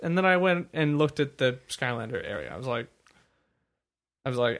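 A man chatting casually as a podcast co-host, telling an animated story and slipping into impressions. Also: moderate pace. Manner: animated storyteller, jumps into shrill impressions of people. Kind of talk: casual chat.

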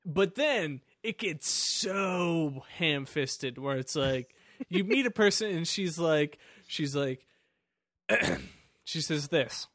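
A man's voice: a little high, takes it slowly, no room sound, studio quality. A man in casual comedic chat, mockingly acting out a game's scenes. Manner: mocking, acts out characters in flat mumbles.

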